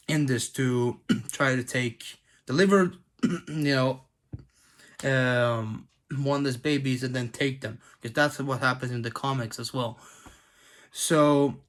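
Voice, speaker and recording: A tired man giving a casual spoken review of a TV episode, halting often and clearing his throat between fillers and restarts. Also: mid-range voice.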